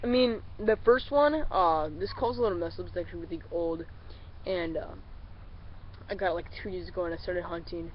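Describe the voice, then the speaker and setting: A man who is a little sick, explaining duck calls in a relaxed, rambling tutorial and calling the viewers guys. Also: high voice, fairly quick. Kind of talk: casual tutorial. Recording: slightly dull lo-fi recording with faint vehicle noise.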